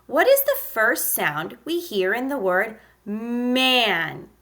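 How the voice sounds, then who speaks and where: Slow, bright-voiced woman teaching phonics. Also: fairly high pitch, very animated. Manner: slow, encouraging, sounds out letters with exaggerated emphasis. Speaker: kindergarten teacher. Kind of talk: phonics lesson for young children.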